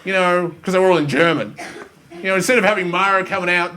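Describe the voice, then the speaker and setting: Young Australian comic, animated and self-mocking, highish voice, faint room noise. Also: male voice, fast talker. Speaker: stand-up comedian. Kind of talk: stand-up comedy set. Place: school theatre with live student audience. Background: faint audience ambience and laughter.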